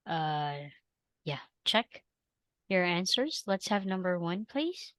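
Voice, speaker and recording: A woman's voice: fairly low pitch, big pitch swings, slow, fairly bright tone, no room sound. A woman tutoring English over a video call, patiently explaining step by step with lots of fillers. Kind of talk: online language lesson. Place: small noisy room.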